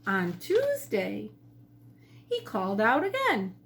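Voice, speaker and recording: A woman, a teacher, reading her own picture book to children from her home kitchen with gentle, expressive storytelling. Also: medium pitch, slow, slight background noise.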